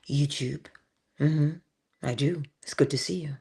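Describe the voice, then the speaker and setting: A woman hosting a casual spiritual livestream, greeting her viewers by name with affectionate, drawn-out welcomes and the odd whispered aside. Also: low voice, warm tone, breathy edge. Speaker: livestream host.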